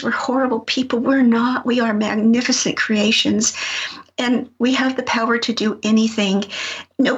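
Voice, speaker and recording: A middle-aged woman from Colorado tells a story on a talk show, bright and animated, and slips into voices for the people in it. Her voice sits a little high. The audio is dull and lo-fi, like an old broadcast. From Colorado, USA.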